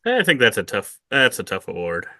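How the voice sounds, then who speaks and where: A man's voice: on the low side, wildly swooping pitch, normal speed, sharp tone. A man co-hosting a board game channel, chatting casually and hedging, often restarting his phrases. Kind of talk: casual chat reacting to award nominees.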